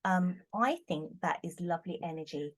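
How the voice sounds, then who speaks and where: This channel host, a middle-aged tarot reader from Britain, has a lowish voice and speaks at normal speed with a British accent. Her casual chat is giggly, talkative, and exclamatory.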